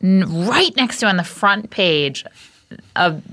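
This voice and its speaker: A woman's voice: mid-range voice, lively intonation, slow pace, fairly bright tone. A woman on a casual podcast making amused, emphatic points and giggling. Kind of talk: casual chat.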